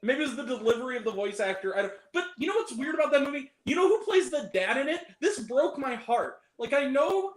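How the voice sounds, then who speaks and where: Animated high-voiced young man, echoey room. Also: fast, hardly any pauses. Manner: animated, laughs often, puts on goofy quote voices. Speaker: movie review co-host. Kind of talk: casual live-stream chat.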